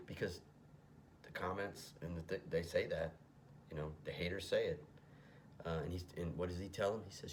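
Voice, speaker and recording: A man's voice: low voice, moderate pace, a little hiss or hum. A middle-aged man at home giving a casual commentary on a song, reading lyrics aloud and explaining them, sometimes dropping to a whisper. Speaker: music reaction commentator. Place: home room.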